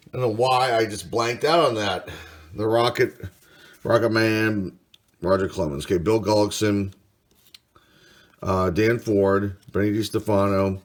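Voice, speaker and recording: A man hosting a casual card-opening video, reading off player names one by one with mild enthusiasm. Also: on the low side. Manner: unhurried, reads names aloud, mild enthusiasm. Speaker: card collector host. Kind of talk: casual card-break commentary.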